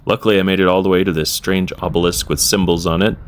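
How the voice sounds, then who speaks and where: Young male vlogger, low-pitched, deadpan narration with dry wit. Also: fast talker, slight background noise. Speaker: history vlogger.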